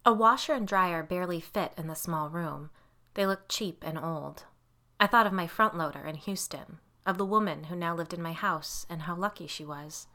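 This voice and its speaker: Woman, audiobook narrator, first-person novel, measured, low pitch, bright forceful tone.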